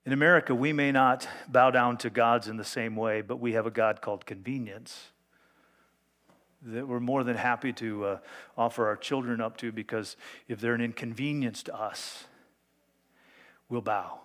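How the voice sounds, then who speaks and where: A man's voice: medium pitch, steady tone, moderate pace, fairly bright tone. A man pastor preaching a sermon, reading scripture aloud and explaining it earnestly and emphatically.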